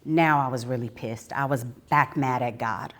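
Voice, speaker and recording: A woman's voice: extremely low pitch, measured pace, a bit bright. A woman sharing a personal testimony live at a book signing, talking earnestly and straight to her audience, sometimes rising into fervent preaching. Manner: earnest, addresses the audience directly.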